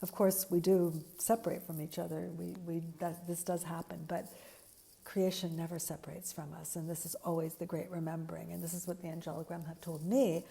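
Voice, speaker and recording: A woman's voice: fairly low pitch, level tone, fairly quick, vocal fry, dark tone. A woman giving an earnest, reflective spiritual talk, searching for words with frequent fillers and restarts. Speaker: spiritual teacher.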